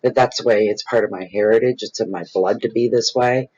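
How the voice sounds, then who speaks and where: A man, hosting his own tarot channel and talking casually and off the cuff to viewers. He is expressive and rambling, and he repeats phrases for emphasis. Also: lowish voice, brisk, husky. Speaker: tarot reader and channel host. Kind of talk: casual improvised spiritual talk to viewers. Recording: dull lo-fi recording.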